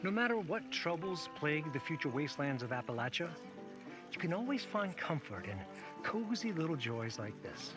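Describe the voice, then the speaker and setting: A man's voice: fairly high pitch, very animated, normal speed. A man voicing a cheerful, folksy narrator in a game trailer about fishing and cozy living. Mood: upbeat folksy. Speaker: trailer announcer. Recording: game trailer audio under loud music.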